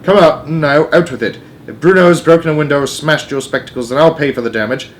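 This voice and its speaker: A man's voice: fairly high pitch, quick pace, a little hiss or hum, voice pushed up, lightly acted. A man doing a firm, proper old grandmother.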